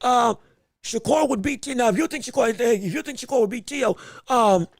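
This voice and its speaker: A man hosting a boxing podcast livestream, talking casually and excitably, rambling and repeating words as he reads chat. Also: moderate pace, no echo, clean studio sound. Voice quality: high, gravelly voice.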